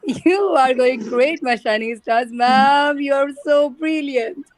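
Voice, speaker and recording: A woman hosting the class, talking effusively and haltingly with many restarts. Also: high-pitched, rough recording. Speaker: class organizer. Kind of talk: casual remarks to a class.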